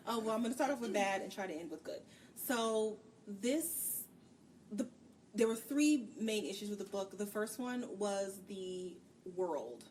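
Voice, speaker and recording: A woman's voice: mid-range voice, lively intonation, a little mellow. A woman co-hosting a book review podcast, ranting candidly in casual chat. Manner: candid, ranting, acts out characters' lines in quick bits. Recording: distant mic with faint background noise.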